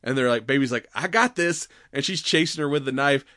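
A man co-hosting a podcast, retelling movie scenes in a casual, animated way and laughing often. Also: medium pitch, brisk, no echo, clean studio sound. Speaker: podcast co-host. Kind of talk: casual movie recap chat.

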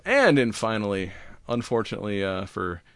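A man chatting through science news on a casual podcast, his voice fairly low and recorded dry and close. He rambles, fills gaps with "uh" and "you know", swears freely and laughs at his own jokes. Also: big pitch swings, moderate pace, a bit bright, dry recording.

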